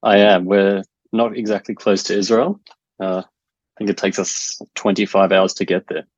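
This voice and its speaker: An Australian man who writes, a podcast guest speaking in a relaxed, matter-of-fact way. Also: low voice, moderate pace, breathy edge, no room sound, highs cut off.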